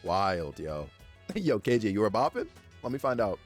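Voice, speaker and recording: A man's voice: lowish voice, sing-song, normal speed, faint music behind. A man streaming live, gushing over fan art with hyped, slangy, profane chatter at a desk microphone. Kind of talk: excited live-stream chat.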